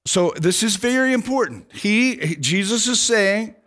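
A man's voice: high voice, lively intonation, unhurried, fairly bright tone. A middle-aged male pastor preaching a sermon in an earnest, emphatic way, rising and dropping for stress.

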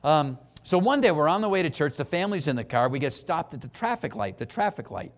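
Animated man preaching a sermon. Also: a little high, fast talker. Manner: animated, acts out quoted voices, has the congregation repeat phrases.

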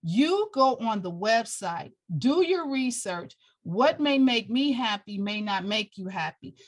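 A woman's voice: on the high side, lively intonation, a little slow. Emphatic woman veteran giving advice. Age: 40s or older. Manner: emphatic, repeats key points. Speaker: guest, military veteran. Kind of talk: interview talk, advice.

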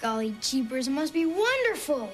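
A man doing a squeaky old-timey boy. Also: sing-song, normal speed, loud music behind the voice. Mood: gee-whiz eager. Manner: squeaky, breathless exclamations. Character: goofy old-timey boy, eager and wholesome.

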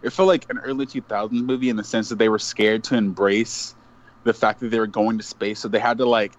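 A man's voice: fairly low pitch, level tone, brisk, lo-fi sound. A man in a casual chat, giving blunt, opinionated takes with casual swearing.

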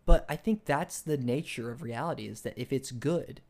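A young man co-hosting a casual podcast, retelling a book in a rambling way with many restarts and fillers, and growing excited when he argues ideas. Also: mid-range voice, normal speed, creaky. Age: young adult. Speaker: podcast co-host.

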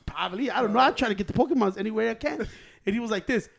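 A man with a high-pitched voice spins a rowdy, profane story among friends. He keeps dropping into Spanish and acts out every person he quotes. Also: rapid-fire, gravelly. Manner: profane, animated storytelling, switching into Spanish and acting out quoted people. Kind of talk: casual chat.

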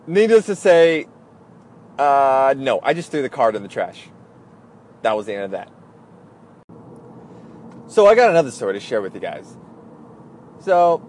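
A man's voice: on the high side, darkish tone. A young man recalls his time as an airline gate agent in a casual, meandering way. He keeps slipping into the voices of the people in his story, and a faint background noise runs under the recording. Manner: rambling, acts out others' voices in quotes.

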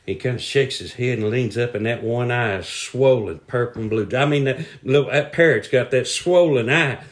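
A man telling jokes in a folksy, drawn-out way. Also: mid-range voice. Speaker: storyteller. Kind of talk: casual joke telling.

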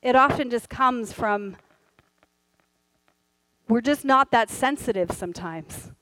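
Woman pastor preaching, high voice, dry close sound, blunt and candid, humorous. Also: animated, slow pace, no room sound, rough recording. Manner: straightforward, candid and humorous, with stretches of quieter earnest delivery. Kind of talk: sermon.

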